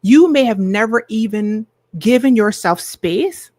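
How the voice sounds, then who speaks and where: A woman's voice: a little high, expressive, unhurried, a little mellow, no room sound. A woman in her forties hosting a live healing session, talking casually and emphatically to viewers and repeating key phrases.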